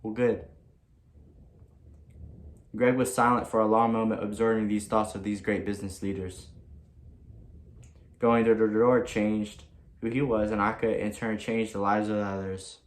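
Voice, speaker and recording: Man reading his own book, low voice, loose repetitive delivery, roomy echo. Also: flat delivery, unhurried, long pauses. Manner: reads loosely, repeats lines, breaks into chants and remarks. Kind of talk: casual book reading with asides.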